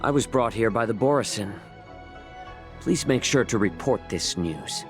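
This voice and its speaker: A man's voice: lowish voice, expressive, a little slow. An actor playing an earnest young male messenger delivering urgent warnings in a game. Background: game music.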